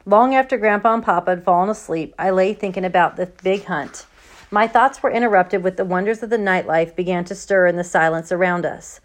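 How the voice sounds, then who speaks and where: A woman narrates a storybook chapter in a steady, unhurried way. Her voice sits at an ordinary middle pitch, neither high nor low. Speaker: audiobook narrator.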